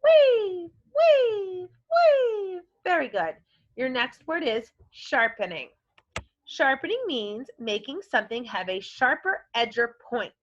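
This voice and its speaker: Woman, elementary teacher, recorded vocabulary lesson, encouraging, fairly high voice, muffled lo-fi sound. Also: lively intonation, measured pace, bright, forceful tone. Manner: encouraging, models words in playful voices.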